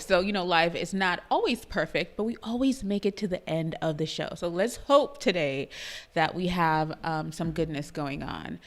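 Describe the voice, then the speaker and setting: A woman with a Trinidadian accent hosting a live-streamed talk show, bubbly, laughing often and greeting her viewers by name. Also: medium pitch. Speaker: livestream show host.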